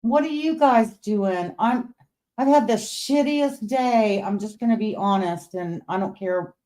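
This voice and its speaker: In an unhurried, mid-range voice with a dark tone, a livestream host chats casually late at night, now and then dropping to a whisper. She reads viewer comments out loud, and her words are a bit hindered by new partial teeth.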